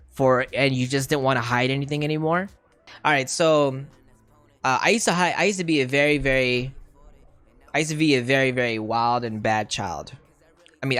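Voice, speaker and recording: A young man and streamer, casually telling a personal story, full of "right?" and "like" fillers and laughing often. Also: medium pitch. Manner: animated, mimics voices of parents in quotes.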